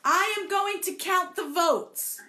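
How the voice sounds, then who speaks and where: A woman's voice: very high-pitched, slow, sharp tone, roomy sound. A playful woman leading a live group storytelling session, encouraging her participants and joking about tongue twisters. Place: indoor room, also streamed to Facebook.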